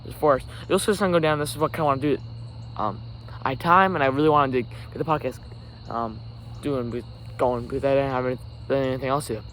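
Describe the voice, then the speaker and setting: Speaking fast in a mid-range, fairly bright voice, a man hosts a rambling, self-correcting solo podcast by a forest. He films himself on camera, with insects, crickets, and a little hiss or hum audible.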